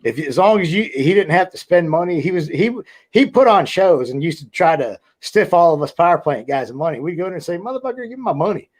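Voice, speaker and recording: A man's voice: a little high, expressive, fairly quick, few pauses, darkish tone. A man on a video call, telling loose, profane stories about his wrestling days and acting out the quotes. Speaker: podcast co-host, former wrestler. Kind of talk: casual profane storytelling.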